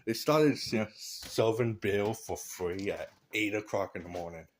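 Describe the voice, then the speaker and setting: A man's voice: fairly low pitch, unhurried, slight background noise. A man in a casual vlog, rambling through blunt opinions with loose asides. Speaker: vlogger.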